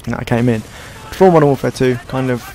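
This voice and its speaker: Young male gaming commentator, tired and hoarse, gravelly, self-deprecating rambler. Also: medium pitch, quick pace, dark tone. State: hoarse, sore throat. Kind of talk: casual gameplay commentary.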